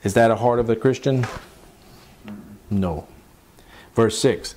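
Pastor preaching in a mellow voice. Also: male voice, medium pitch. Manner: preaching with pauses, rhetorical questions and scripture reading. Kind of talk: sermon.

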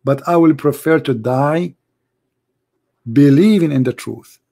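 A man with an Arabic accent hosts a live call-in show, his voice hoarse and worn from long talking. He sits a little high in pitch and preaches fervently, building to emphatic declarations. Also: a little slow, mellow.

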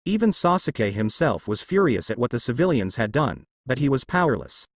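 Man reading a fan story, animated pitch. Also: fairly quick, dry recording, studio quality. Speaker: story reader. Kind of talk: fan fiction narration.

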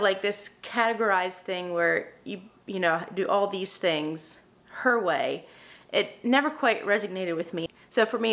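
Chatty young mom, filler-heavy. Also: female voice, mid-range voice, fairly bright tone. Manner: chatty, frequent "like" fillers, self-deprecating asides. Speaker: vlogger and mom. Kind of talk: casual talk to camera while cleaning.

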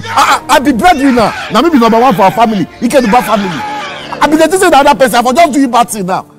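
A man's voice: very high-pitched, animated, very fast. A man with a Nigerian accent acting in a theatrical, threatening and preachy manner in a comedy skit, with music behind.

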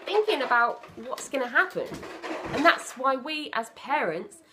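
A woman's voice: sits high, animated, measured pace, background noise. A young British woman talking earnestly to camera about parenting, often repeating herself and acting out what a parent or child might say. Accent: British English. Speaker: parenting vlogger. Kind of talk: casual talk to camera.

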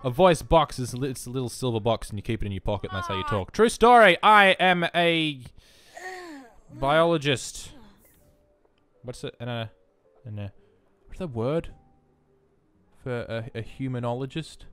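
A man's voice: mid-range voice, normal speed. A man giving rambling, self-mocking let's play commentary alone in his room, full of jokey asides. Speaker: gaming commentator.

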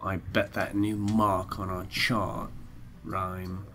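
A man's voice: deep voice, little pitch movement, slow, a bit bright, faint music behind. A man from Nebraska co-hosting a let's play, joking around and swearing freely in casual chat.

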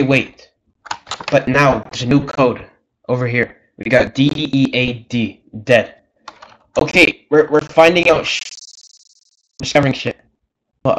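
A man's voice: medium pitch, fairly bright tone. A young man swearing and reacting nervously while commentating a horror game. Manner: jumpy, swears constantly, nervous laughter. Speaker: gameplay streamer. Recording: game music behind.

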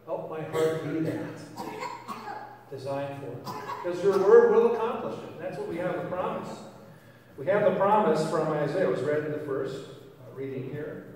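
Speaking at a measured pace with frequent pauses, the same kind of pastor gives a casual, meandering sermon full of restarts and filler words. His voice is fairly high, animated and a touch mellow, and the distant mic picks up the church hall's echo.

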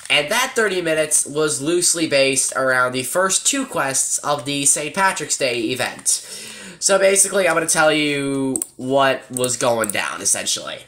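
A man's voice: mid-range voice, expressive, moderate pace, sharp tone. A man chatting casually as he walks through a game update, joking around and teasing himself. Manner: joking, chatty, self-mocking. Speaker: gaming YouTuber.

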